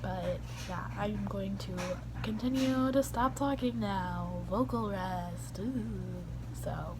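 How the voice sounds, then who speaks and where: A young woman with a hoarse, raspy voice she has nearly lost, chatting casually and self-mockingly at home in a vlog. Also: mid-range voice, slow pace, background noise. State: hoarse, losing her voice. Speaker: vlogger.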